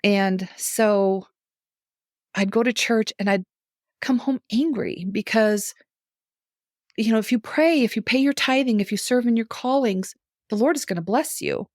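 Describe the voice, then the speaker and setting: A middle-aged woman, a guest on a podcast, telling a personal story in casual conversation, animated, acting out her own reactions and laughing often. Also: a little high, a little slow, pauses often, no room sound, clean studio sound.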